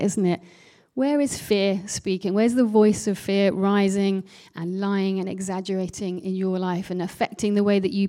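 A woman's voice: medium pitch, warm tone. A woman preaching a conversational sermon, full of reflective rhetorical questions.

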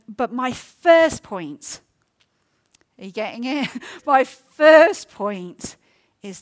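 Middle-aged woman preacher, fairly high voice, earnest and heartfelt sermon delivery in a church. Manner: earnest, personal, emotional storytelling with fillers.

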